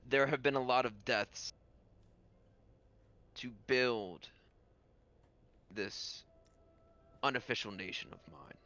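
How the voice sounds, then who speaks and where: A man voicing a one-eyed, one-armed male war veteran who now rules a haven for outcasts, speaking slowly and solemnly. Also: mid-range voice, bright, forceful tone, lo-fi sound.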